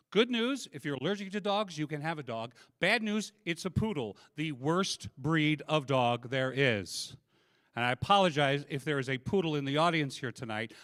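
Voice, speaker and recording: A man performing a stand-up comedy set at a convention, chatting with the crowd and landing deadpan punchlines into a handheld mic. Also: a little high, dry recording, studio quality.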